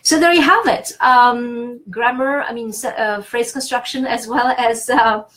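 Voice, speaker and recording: Casting note: woman, French accent, language teacher explaining rules patiently, relaxed and unscripted. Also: a little high, unhurried, rough recording. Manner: explains patiently, with many fillers and restarts. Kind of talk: casual spoken lesson.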